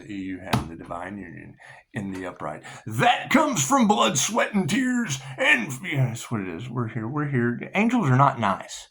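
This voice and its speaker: A middle-aged man hosting his own spiritual channel, talking in a wandering, sarcastic monologue that repeats phrases and breaks into sudden loud bursts. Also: medium pitch, gravelly.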